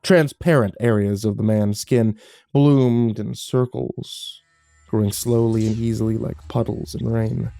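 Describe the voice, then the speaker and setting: Dark-voiced man narrating horror. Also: on the low side, steady tone, measured pace, vocal fry, no room sound, faint music behind.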